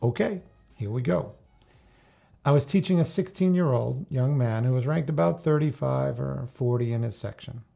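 A male tennis coach narrating a story in a calm, measured, unhurried manner. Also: medium pitch, vocal fry.

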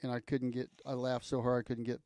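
A man co-hosting a live music stream, low-key and giving brief replies. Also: level tone, quick pace, darkish tone. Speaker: co-host. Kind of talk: casual live-stream chat.

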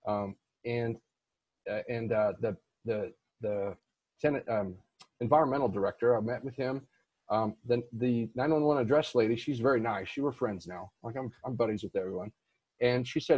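Brief: man, husky voice, dry close sound, rambling storyteller guest. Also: mid-range voice, moderate pace, pauses often, darkish tone, dry recording, muffled recording. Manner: rambling with frequent restarts and fillers. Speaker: guest real estate investor. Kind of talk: casual storytelling interview.

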